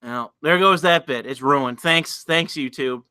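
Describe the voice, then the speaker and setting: A man's voice: on the high side, a little slow, pushed and bright, clean tone, no room sound, clean studio sound. A man hosting a casual live stream, talking to chat in a profane, exasperated way and laughing often.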